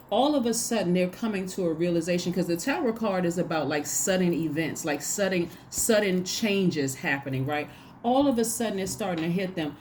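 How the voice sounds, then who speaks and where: A woman's voice: on the low side, a little mellow, slight background noise. A woman giving a casual tarot reading, talking emphatically and acting out little quoted exchanges. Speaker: tarot reader.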